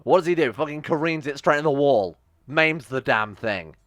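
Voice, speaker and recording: A man giving let's play commentary on a strategy game, exasperated and swearing, swinging between loud outbursts and low grumbles. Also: animated, normal speed, no room sound, studio quality. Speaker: game streamer.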